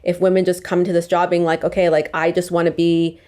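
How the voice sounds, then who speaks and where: A woman's voice: fairly low pitch, level tone, a little fast, a little mellow. A young woman, a podcast guest, talking casually and packing her speech with "like" and "um". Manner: chatty, heavy "like" and "um" fillers. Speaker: podcast guest, sales rep.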